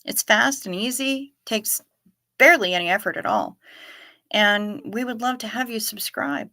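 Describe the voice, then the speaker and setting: A woman's voice: fairly high pitch, moderate pace, pushed and bright, dry recording, clean studio sound. A woman hosting a casual livestream, chatting and reading out viewer comments as she answers them. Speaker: livestream host.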